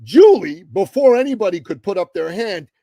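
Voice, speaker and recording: A man from the Middle East, a guest on a podcast, telling a story with emphatic pauses and asides to the host. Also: high-pitched, animated, dark tone, dry recording. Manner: emphatic, addresses the host often, dramatic pauses. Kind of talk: animated storytelling in a podcast interview.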